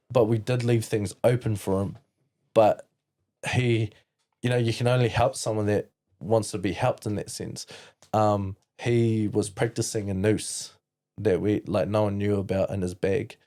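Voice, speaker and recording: A young man with a New Zealand accent, a podcast guest telling a personal story in a halting way, full of restarts and "like". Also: fairly low pitch, dark tone. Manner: halting, frequent "like" and restarts, quoting others. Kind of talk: candid storytelling interview.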